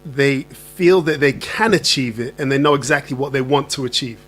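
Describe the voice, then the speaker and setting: An interview host, a man with a mid-range voice, asks his question slowly. He stumbles and restarts, filling gaps as he goes. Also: mid-range voice, fairly bright tone, soft background music. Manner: hesitant, many fillers and restarts.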